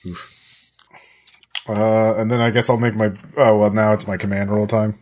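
A man's voice: on the low side, level tone, moderate pace, a little mellow. A man playing a tabletop game, talking casually with hesitations and wry remarks. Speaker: player.

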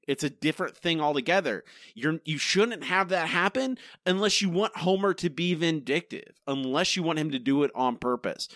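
A man's voice: on the high side, no room sound, clean studio sound. A man co-hosting a podcast, critiquing a TV episode in casual, emphatic talk with lots of restarts. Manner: animated, emphatic, many restarts. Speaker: podcast co-host.

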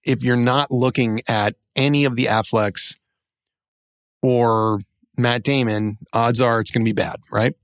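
A man's voice: medium pitch, fairly even intonation, dry recording, clean studio sound. A middle-aged man co-hosting a podcast in casual chat, wry and joking, shifting his pace as he talks. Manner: wry, joking, speeds up and slows down. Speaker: podcast co-host.

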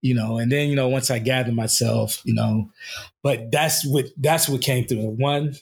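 Male, 30s, husky, mid pitch, candid rambling podcast co-host, still in pain. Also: steady tone, a little slow. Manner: candid, rambling storytelling with fillers. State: recovering from injury, in pain. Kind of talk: casual chat.

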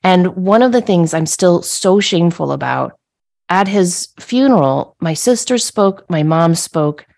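A middle-aged woman with a fairly low voice tells a personal story on a podcast. Her tone stays conversational and animated, and she acts out her own outbursts with a laugh. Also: measured pace, creaky. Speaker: podcast host.

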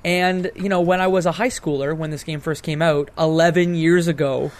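Young male co-host, lighter pitch, self-deprecating and casual. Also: steady tone, moderate pace. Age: 20s. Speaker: podcast co-host. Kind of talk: casual chat about games.

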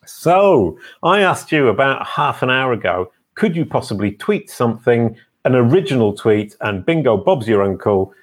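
Man, show host, chatty, enthusiastic, teasing, mid-pitched voice. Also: very animated, moderate pace, hardly any pauses, breathy edge. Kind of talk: casual online interview.

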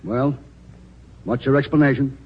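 An actor playing a brisk, husky army captain. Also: male voice, medium pitch, close to an everyday voice. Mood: stern. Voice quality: brisk and commanding. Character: stern male army captain, commanding officer. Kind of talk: 1940s radio acting. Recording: lo-fi 1940s radio broadcast.

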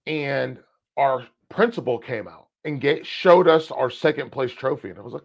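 A man co-hosting a podcast, telling personal stories in a casual, animated way and swearing freely. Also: mid-range voice, moderate pace. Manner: animated, swears freely, acts out past conversations. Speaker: podcast co-host. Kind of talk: casual storytelling chat.

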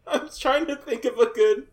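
A man's voice: very high voice, a little slow. A man co-hosting a podcast in casual chat, joking and laughing often. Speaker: podcast co-host.

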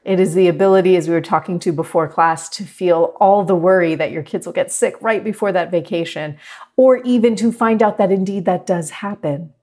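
A middle-aged woman teaching a meditation class, talking gently and reflectively to her students. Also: lowish voice, fairly quick. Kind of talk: guided meditation talk.

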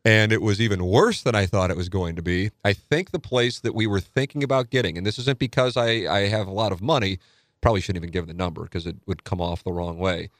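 Low-voiced man from South St. Louis. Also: quick pace, dry recording, clean studio sound. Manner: animated storyteller who acts out quotes. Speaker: sports radio co-host and guest. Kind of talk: casual storytelling interview.

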